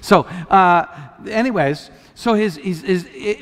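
A man preaches as a pastor, his voice sitting a little high for a man, with a long reverb trailing behind him. He talks in a loose, conversational way full of restarts, then climbs to loud, emphatic peaks. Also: takes it slowly. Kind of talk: sermon.

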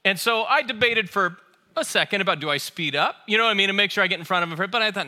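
A male pastor preaches to a live congregation and spins humorous stories in a high voice. His tone is strikingly bright and forceful, and he keeps asking the room questions and turning to speak to them directly. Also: fast talker. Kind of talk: sermon. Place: church auditorium with a live audience.

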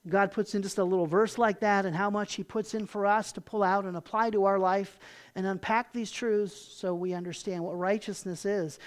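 A pastor preaching a sermon. The pastor reads scripture aloud with rising emphasis, explains it in a conversational way, asks rhetorical questions, and often ends a point in a low, quiet voice.

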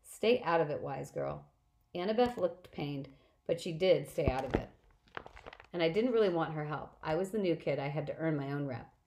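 A woman reading a novel aloud in first person, plain and steady, with small slips. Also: low voice, fairly quick, background noise. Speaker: audiobook reader.

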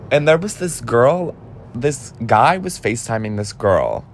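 A man's voice: medium pitch, big pitch swings, measured pace, a little hiss or hum. A young man casually telling a story, chatty and profane, with lots of filler words. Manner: chatty, heavy use of "like", profane. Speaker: podcast host.

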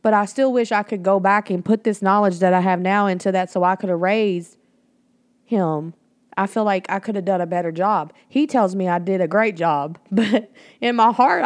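A podcast host in her thirties delivers a casual monologue at a medium pitch and moderate pace, her style blunt, emphatic, and liberally sprinkled with swearing. Her home mic picks up the room, though there's no room sound.

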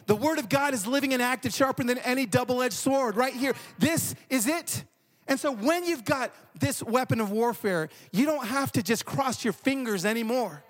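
A man preaching a sermon, an animated storyteller who often repeats words. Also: very high-pitched. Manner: animated, repeats words while telling stories. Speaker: pastor.

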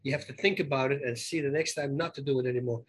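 A man telling stories in casual conversation, animated, and often repeating words and restarting his sentences. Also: medium pitch, racing, husky. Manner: animated, acts out both sides of conversations.

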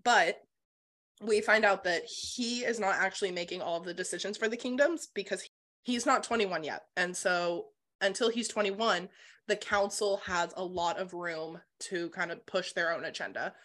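A woman chats through a book's plot with a bright, forceful tone, in the middle of the pitch range. She retells scenes animatedly, swears freely and leans on "like" as a filler. This is casual podcast book-club talk. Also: normal speed. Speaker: podcast co-host.

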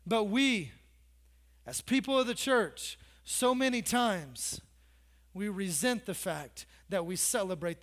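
A man's voice: sits high, sing-song, unhurried, fairly bright tone. A man preaching a sermon, in a conversational way with joking asides and teasing remarks to the congregation. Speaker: pastor.

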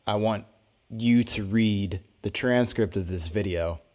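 A man co-hosts a podcast in loose, joking chat, often laughing and rambling through his points. His voice sits a little low. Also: unhurried, darkish tone. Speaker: podcast co-host. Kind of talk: casual chat.

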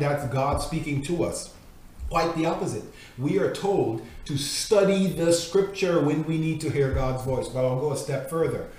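A man giving an earnest teaching talk, stressing his points by slowing down and reading passages aloud. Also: a little high, darkish tone. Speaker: Christian teacher critiquing a devotional. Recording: very echoey room.

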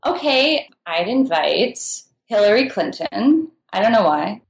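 A woman chatting as a podcast guest, easygoing and giggly, her answers tumbling out casually. Her voice sits at an ordinary middle pitch. The room around her rings with a noticeable echo. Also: sing-song, a little slow, gravelly. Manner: chatty and giggly, with frequent laughs. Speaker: podcast guest, food writer. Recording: echoey room.

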